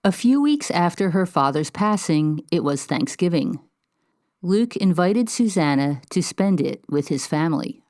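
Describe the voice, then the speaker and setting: A woman host giving measured, scripted narration of a story. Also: lowish voice, animated, a little mellow, no echo.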